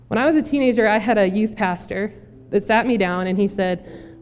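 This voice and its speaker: A woman's voice: mid-range voice, moderate pace, a little mellow, soft background music. A woman pastor preaching a sermon in a casual, joking, direct way. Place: church sanctuary. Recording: long reverb in church.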